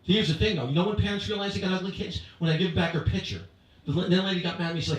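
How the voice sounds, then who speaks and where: High-voiced male stand-up comic. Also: racing, very echoey, distant mic, poor audio. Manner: punchy, animated crowd work. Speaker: stand-up comedian. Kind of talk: stand-up comedy set. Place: comedy club stage before a live audience.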